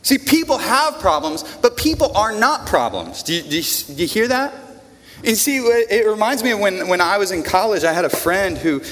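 A man's voice: high voice, big pitch swings, moderate pace, a bit bright. A man preaching a sermon to a congregation, talking in a conversational way, repeating words and asking them questions. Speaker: pastor. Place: church in front of a congregation. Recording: long reverb of a large room.

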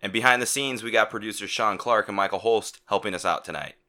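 A man's voice: on the low side, fast, bright, forceful tone. A man hosting a sports podcast, opening with a polished presenter-style intro and then chatting casually. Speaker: podcast host. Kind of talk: casual chat with scripted intro.

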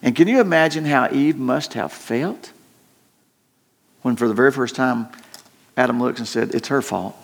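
An older man preaching a sermon in an earnest tone, repeating words and slowing down to stress his points. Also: mid-range voice, gravelly. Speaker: pastor.

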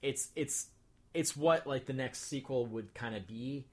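A man's voice: mid-range voice, a little slow. A man co-hosting a casual podcast chat, rambling with many fillers and restarts. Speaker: podcast co-host.

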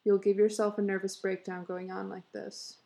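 An earnest, fussing husband, read aloud by a woman. He coaxes and insists. The voice is gravelly and warm. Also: mid-range voice, little pitch movement, normal speed, natural voice. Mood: coaxing. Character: earnest husband, eager and fussing, middle-aged.

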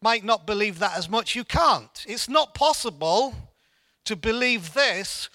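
A man's voice: high voice, expressive, a little slow, pushed and bright, dry recording. A man giving an informal church Bible teaching in an earnest way, often repeating words as he restarts.

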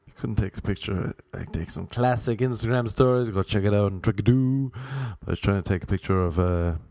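A man's voice: on the low side, brisk, vocal fry, darkish tone, no room sound, studio quality. Rambling young Irish man, joking. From Ireland. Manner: loose, jokey, goes off on tangents. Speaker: comedian. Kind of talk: rambling comic monologue.

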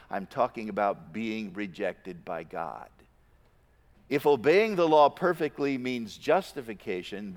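A man preaching a sermon as a pastor, with emphatic stresses that drop into quiet, low asides. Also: creaky, big-room sound.

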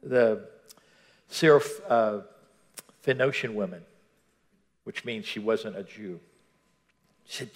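A man preaching a sermon with animation, acting out scenes and dropping to hushed tones between louder lines. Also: on the low side, slow, pauses often. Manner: animated, acts out Bible scenes with voices, swings between loud and hushed. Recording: reverberant hall.

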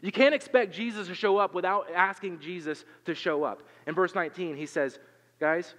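Earnest preacher in an echoing hall. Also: male voice, high-pitched, normal speed, a bit bright. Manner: earnest, conversational preaching with rhetorical questions and repetitions. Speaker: pastor. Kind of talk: sermon.

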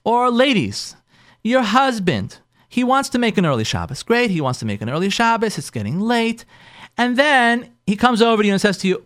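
A man who hosts an advice show as a rabbi talks in a fairly high voice that swings widely in pitch. He makes each point emphatically, repeating himself and acting out what spouses say. The sound is dry, with no room echo. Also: sing-song, normal speed, a bit bright. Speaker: rabbi and show host giving marriage advice. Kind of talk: advice talk to listeners.

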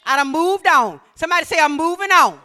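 A woman preacher delivering a sermon with call-and-response, slipping into sing-song scripture reading and building to shouts. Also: high-pitched, lively intonation, fairly quick.

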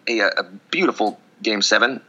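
A hoarse man co-hosting a podcast, chatting casually in a sarcastic, rambling way. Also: on the low side, lively intonation, normal speed, bright, forceful tone, lo-fi sound. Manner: sarcastic, rambling, breaks into sung jingles. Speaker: podcast co-host. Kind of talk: casual joking chat.

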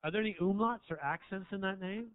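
A man doing a stand-up set in a small club, teasing the crowd, swinging between low mutters and loud shouts. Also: quick pace, clear, resonant tone. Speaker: stand-up comedian. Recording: dry, tinny phone-like sound.

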